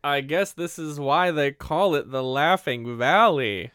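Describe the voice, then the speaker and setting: A man putting on a jolly, booming old Santa with a big, hearty, slow laugh. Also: a bit bright, smooth.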